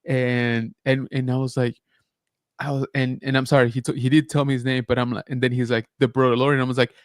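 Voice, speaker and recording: A man's voice: medium pitch, little pitch movement, fairly quick, dry recording, studio quality. A man hosting a casual livestream chat show, talking loosely with lots of fillers and reading viewer comments aloud. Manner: chatty, many fillers, reads chat aloud. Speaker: podcast host.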